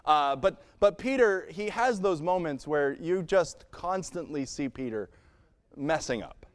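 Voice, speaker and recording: A pastor preaching a sermon in a conversational style, acting out little scenes and laughing along the way. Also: male voice, fairly high pitch, animated, unhurried. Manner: conversational preaching with playful acted-out asides. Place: church sanctuary.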